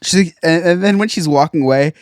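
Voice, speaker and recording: A man's voice: on the high side, brisk, dry recording, clean studio sound. A man co-hosting a podcast who tells stories in casual chat, laughing often and restarting his sentences. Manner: animated storytelling, frequent laughter and restarts. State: resting an injured ankle. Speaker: podcast co-host.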